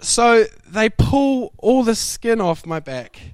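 A young man preaching a sermon, telling stories in a lively way and laughing often. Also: extremely high pitch, takes it slowly, no room sound. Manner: animated, laughing storyteller. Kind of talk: sermon storytelling.

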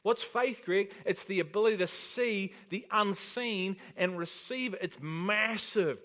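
A man's voice: sits high, a little slow, hardly any pauses, sharp tone. A man pastor delivering an emphatic sermon, often asking the congregation rhetorical questions.

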